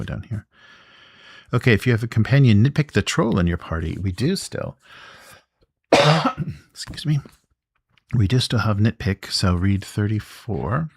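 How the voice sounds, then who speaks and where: A man playing a solo board game adventure, reading the story text aloud with relaxed, muttered asides. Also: fairly low pitch, vocal fry, husky, dry recording.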